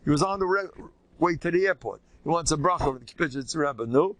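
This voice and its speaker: An older man, a rabbi, giving an informal, animated Torah lecture with a conversational, joking delivery. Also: fast talker, no echo. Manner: animated and conversational, swinging pitch, jokes with listeners. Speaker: rabbi teaching a class.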